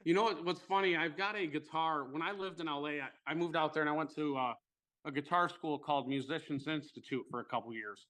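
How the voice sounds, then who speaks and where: A young man telling a long story in casual chat, animated and swearing freely. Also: a little high, brisk.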